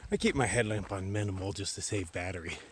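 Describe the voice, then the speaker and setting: A man vlogging alone on a forest trail at night, chatting casually to a handheld camera as he walks, sometimes dropping to a hushed whisper. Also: low voice, animated, fast talker, a little hiss or hum. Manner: chatty, drifting between normal voice and hushed whispers. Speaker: solo long-distance hiker vlogging. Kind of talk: casual talk to camera while hiking.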